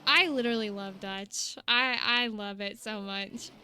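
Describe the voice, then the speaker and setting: A woman's voice: mid-range voice, a little slow, sharp tone, slight background noise. A young woman, chatting casually and rambling to her stream viewers.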